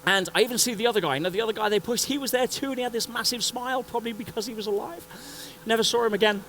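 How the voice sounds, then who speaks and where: High-voiced man telling a story on stage. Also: very fast, a little hiss or hum, low-quality recording. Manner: animated, acts out scenes and voices. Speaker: conference speaker. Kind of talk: motivational storytelling talk. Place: conference stage before an audience.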